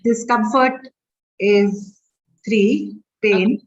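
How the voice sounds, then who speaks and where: A woman's voice: on the high side, very slow. A woman taking part in an online workshop, reporting how she feels in a hesitant way, searching for words. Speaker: workshop participant. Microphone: video call. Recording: muffled video call with faint noise.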